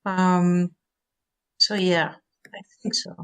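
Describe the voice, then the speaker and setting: A woman's voice: on the low side, flat delivery, extremely slow, smooth, poor audio. A woman co-hosting a podcast, talking in a thoughtful, hedging casual way. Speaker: podcast co-host. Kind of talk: casual chat.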